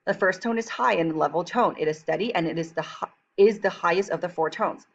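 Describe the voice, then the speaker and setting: A woman teaching a Chinese textbook lesson, talking quickly and chattily, and slowing down for careful pronunciation demonstrations. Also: lowish voice, creaky, highs cut off, slight background noise. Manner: fast-talking, chatty, switches into slow careful Mandarin demonstrations.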